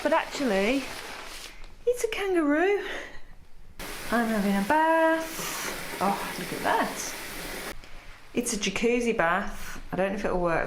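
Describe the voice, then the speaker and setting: A chatty woman vlogger talking straight to her camera with a high, bouncy voice that swings all over its range. She coos playfully at the animals she looks after. Faint noise sits behind her. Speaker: vlogger and pet sitter. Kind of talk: casual vlog chat.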